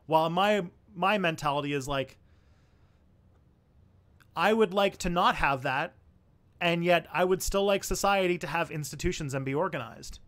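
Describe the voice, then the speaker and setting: Young male streamer with a slightly high voice who rambles through viewer questions, full of ums and restarts. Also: a bit bright. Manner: rambling and thinking aloud, with many fillers and restarts. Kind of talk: casual livestream Q&A.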